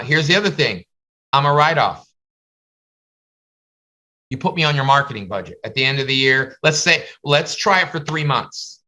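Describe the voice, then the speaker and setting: A man running a face painting business teaches casually on a video call, telling stories in a lively way and acting out little dialogues in higher voices. His tone is bright and his pace moderate, and the call audio is rough.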